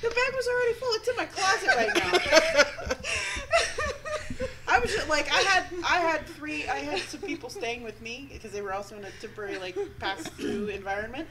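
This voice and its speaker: A woman chats as a guest on a radio talk show, acting out the people in her stories and laughing through them. Her voice sits high and swings widely in pitch. A loud noise runs under the recording. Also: normal speed. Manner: animated storyteller, acts out quotes, laughing often. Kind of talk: casual chat. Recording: noisy radio studio recording.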